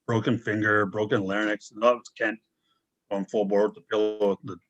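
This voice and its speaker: A man guesting on a podcast, telling lively stories in casual chat. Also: lowish voice, moderate pace, no echo, muffled recording. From Canada. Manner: animated storyteller, acts out shouts.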